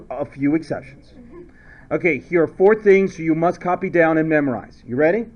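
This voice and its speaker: A male chemistry teacher lecturing a class in a playful way, now and then shouting silly memory phrases. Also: a little high. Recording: dull lo-fi classroom recording.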